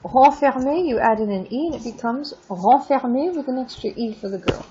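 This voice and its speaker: A woman teaching a French class in a recorded lesson, drawing out words slowly for pronunciation drills and adding casual asides. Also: sits high, dull audio, noisy background.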